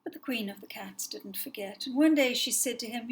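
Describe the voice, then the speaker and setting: A woman storyteller telling an old fairy tale by heart. Her voice sits fairly high, and her telling is gentle and expressive, at times sinking to a near whisper. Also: brisk, hardly any pauses, rough recording. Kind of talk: fairy tale told from memory.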